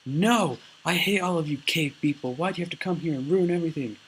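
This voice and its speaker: A man doing a furious, shouting young boy. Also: on the high side, fast, slight background noise, voice pushed up, poor audio. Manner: shouting, petulant.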